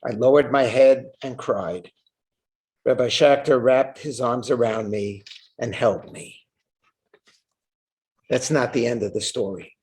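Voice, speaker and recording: A man's voice: mid-range voice, slow pace, long pauses, a little mellow. An older man, a rabbi, giving an earnest memorial lecture, telling a story and repeating words for emphasis. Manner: earnest, repeats words for emphasis, reads quotes aloud with feeling. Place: synagogue hall.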